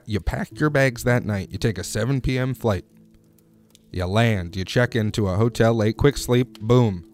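A man's voice: lowish voice, darkish tone. A man rambling through a comic monologue, digressing wryly and asking the listener questions.

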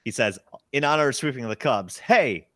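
A man hosting a casual baseball podcast, reading listener questions in a relaxed way. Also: mid-range voice, a little fast, dry recording.

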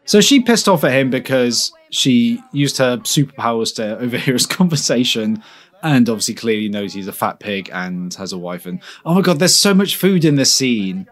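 Dude chatting over a movie, rambly and sweary, normal-pitched voice. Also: male voice, expressive, moderate pace. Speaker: film commentary co-host. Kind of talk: casual watch-along chat.

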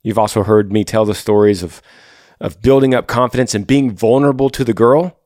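A man's voice: lowish voice, a little fast, darkish tone, dry recording, studio quality. A man hosting a podcast, reading ads and giving earnest, fatherly advice to listeners in a casual way. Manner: earnest, fatherly, repeats himself. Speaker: podcast host.

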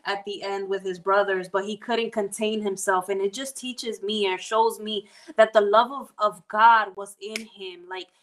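A woman's voice: medium pitch, steady tone, measured pace, hardly any pauses, fairly bright tone. A woman co-hosting a faith talk show, chiming in with frequent amens and affirmations and telling stories of her own. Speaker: co-host.

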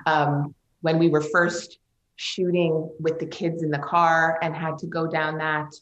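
A woman speaks as an interview guest, earnest and emotional, often pausing and restarting. Her voice sits a little low. It is recorded in a noticeably echoey room. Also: little pitch movement, lo-fi sound. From Canada. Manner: earnest, emotional storytelling with many fillers and restarts. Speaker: film director, interview guest. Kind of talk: interview conversation.

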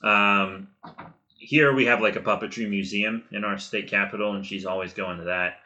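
Bright-voiced, giggly podcast co-host man. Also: on the low side, steady tone, muffled recording. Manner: chatty and giggly, quick asides. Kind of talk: casual recap chat.

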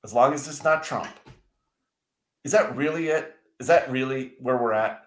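A man's voice: mid-range voice, moderate pace. A man co-hosting a talk show, ranting about politics with heated swearing and frequent restarts. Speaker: podcast co-host. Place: indoors, seated at a desk. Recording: roomy echoey sound.

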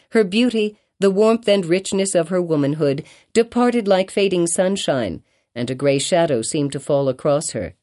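A woman narrating an audiobook of a classic novel in a measured, formal reading. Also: sits low, warm tone.

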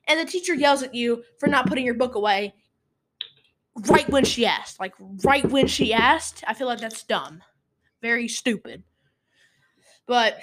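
Recording from a room in her house, a teen girl hosts a relaxed storytelling podcast in a fairly high, fairly bright voice. Her telling wanders off track, with rambling and frequent apologies.

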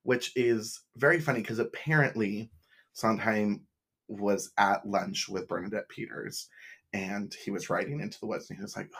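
Husky-voiced man chatting on a podcast. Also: fairly low pitch. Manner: animated, laughs often, quick asides. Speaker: podcast co-host. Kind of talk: casual chat.

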